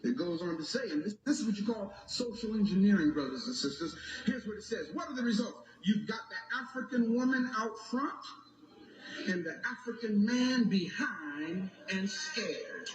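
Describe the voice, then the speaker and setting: A man with a very high voice preaches slowly to a congregation, his pitch swinging widely. He reads passages aloud and keeps turning to the crowd with questions, sometimes building to a shout. The room is echoey, with clear noise behind him. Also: expressive. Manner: reads a text aloud and breaks off to ask the audience questions; swells into shouted emphasis. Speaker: lecturer speaking to a congregation. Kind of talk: impassioned preaching lecture.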